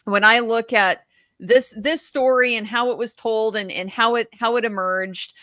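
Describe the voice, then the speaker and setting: A woman hosting an interview, asking questions in a halting way with frequent restarts. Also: a little high, steady tone, pushed and bright, dry recording, clean studio sound. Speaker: host, interviewer. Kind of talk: conversational interview.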